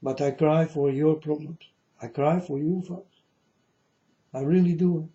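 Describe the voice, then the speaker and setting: A man's voice: fairly high pitch, fairly even intonation, a little slow, mellow, highs cut off. Earnest man warning his folks. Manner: repetitive, earnest, addresses listeners as folks. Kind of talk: rambling spoken warning to viewers.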